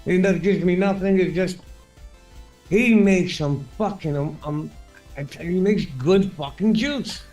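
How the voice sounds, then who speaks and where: A man with a high, gravelly voice chats loosely on a live stream. He rambles and swears often, sounding fond of the people around him. Faint music plays behind him. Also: unhurried, darkish tone. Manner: profane, rambling, affectionate. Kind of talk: casual chat on a live stream.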